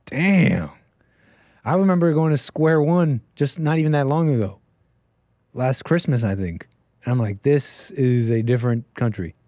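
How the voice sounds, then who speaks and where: A man's voice: mid-range voice, unhurried, dark tone, no room sound. A man from Canada hosting a call-in show, chatting casually with a caller and laughing often. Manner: laughs often, easygoing banter. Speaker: radio show host.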